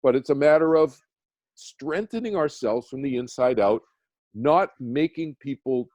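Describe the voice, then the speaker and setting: A man's voice: medium pitch, animated, unhurried, darkish tone, dry recording. A man, a meditation teacher, telling a personal story as a radio guest, earnest and rambling with many restarts. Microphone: phone or video call.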